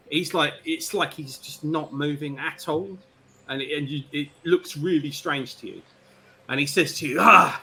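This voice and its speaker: A man's voice: fairly high pitch, bright, forceful tone, slight background noise. A man, a tabletop game player describing his character's actions in a rambling, descriptive way.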